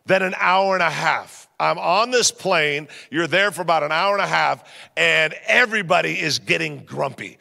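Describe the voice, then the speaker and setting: A man's voice: on the high side, normal speed, vocal fry. A man, an upbeat pastor joking through a sermon in a church hall. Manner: upbeat, joking, lively storytelling.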